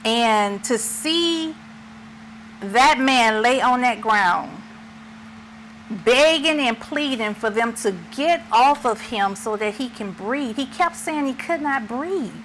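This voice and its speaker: A middle-aged woman on a talk show speaks slowly and with emphasis. Her voice is bright and sits a little high. Faint noise hums behind her. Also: lively intonation, rough recording. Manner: slow, emphatic and tearful. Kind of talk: impassioned discussion.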